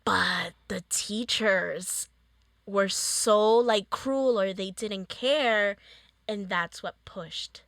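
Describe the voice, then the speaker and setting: A woman hosts a podcast and tells her own stories at an unhurried, drawn-out pace. Her voice is bright and forward. The recording is dry and close. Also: medium pitch, no room sound. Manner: slow, drawn-out storytelling, quoting people. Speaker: podcast host. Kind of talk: casual interview chat.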